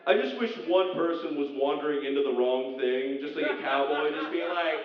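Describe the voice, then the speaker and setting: A man's voice: moderate pace, crowd noise. Rambling stand-up man on a club stage. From central Pennsylvania. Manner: rambling, self-deprecating, jumps into high silly voices for bits. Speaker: stand-up comedian. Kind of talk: stand-up set. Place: casino comedy club stage. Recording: roomy, distant, dull club recording with audience. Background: audience laughter.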